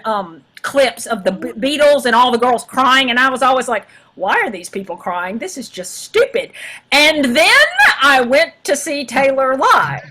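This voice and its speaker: Bright, chatty woman. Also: a little high. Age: middle-aged. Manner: chatty and self-mocking, warm thanks. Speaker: national field director addressing volunteers. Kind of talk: casual workshop talk.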